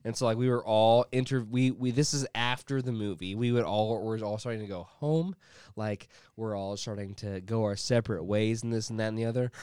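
A young man co-hosting a podcast, telling a story in casual chat, swearing freely and acting out shouts and cries. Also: lowish voice, brisk, clear, resonant tone, dry recording. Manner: animated storyteller, acts out yelling and crying voices, swears a lot. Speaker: podcast co-host.

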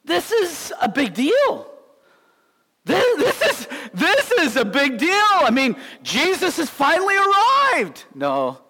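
A man preaching a sermon as a pastor, telling stories in an animated way and acting out the scenes. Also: very high-pitched, takes it slowly. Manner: animated storytelling, acts out scenes. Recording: long hall reverb.

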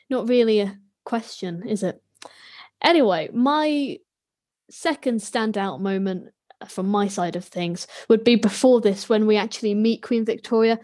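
A woman's voice: medium pitch, a little mellow. A woman co-hosting a podcast, reviewing a TV episode in casual chat with a wry, lightly sarcastic manner. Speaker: podcast co-host.

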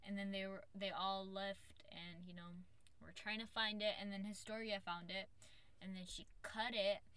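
A woman's voice: medium pitch, level tone, moderate pace, a bit bright, clear, resonant tone. A woman recapping an anime episode in casual chat, rambling with many fillers. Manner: loose, filler-heavy storytelling with lots of "like".

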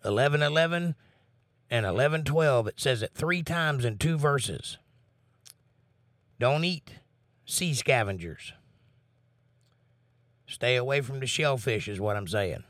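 A man teaching a Bible study, reading scripture aloud slowly and emphatically, then breaking in with blunt asides. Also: medium pitch, lively intonation, a bit bright, no room sound, clean studio sound.

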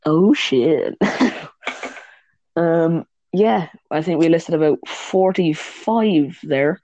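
A man's voice: a little high, drawn-out words, mellow, no echo. A man co-hosting a casual podcast, talking fight sports, swearing and laughing often. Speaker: podcast co-host. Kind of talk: casual chat.

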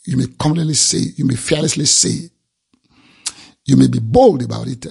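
Gravelly, husky-voiced preacher man. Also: mid-range voice, moderate pace, darkish tone. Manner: emphatic, repeating phrases for effect. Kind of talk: sermon.

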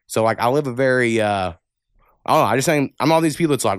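A man hosting a podcast who talks bluntly and cusses freely while he reads out emails and argues back. His voice is smooth and resonant, and the close mic leaves little room sound. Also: medium pitch, fast talker, no echo. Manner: blunt, heavy cussing, animated rants. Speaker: podcast host. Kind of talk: casual podcast chat, reading listener emails.

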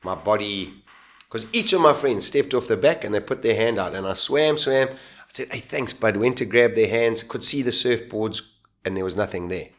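A man's voice: on the low side, lively intonation, normal speed. A man in his fifties telling a survival story in an interview, acting out his own words and the voices of others as he goes. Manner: vivid, acts out his own lines and voices, laughs while telling. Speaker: guest. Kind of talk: animated storytelling.

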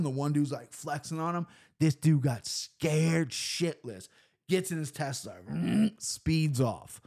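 A young man hosting a casual podcast monologue, brash and profane, swinging between loud outbursts and low mumbled asides. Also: moderate pace. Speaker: podcast host.

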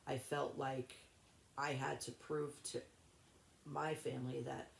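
A woman, a guest in an interview, telling a personal story in a rambling, halting way with many restarts. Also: extremely low pitch, level tone, gravelly, echoey room, a little hiss or hum.

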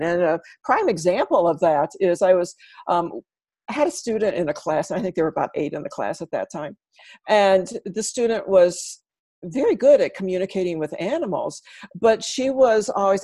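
A woman, a guest animal communicator, telling stories in a casual interview and growing animated when quoting. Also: medium pitch, normal speed, no room sound.

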